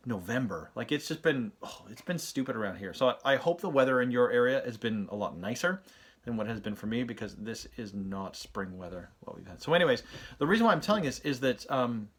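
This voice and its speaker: A man's voice: medium pitch, animated, a little fast, husky. A man with young children, hosting a channel and giving casual advice with lots of fillers and restarts. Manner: chatty, storytelling, many fillers and restarts. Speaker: host of an SEO channel. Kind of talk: casual talking-head advice.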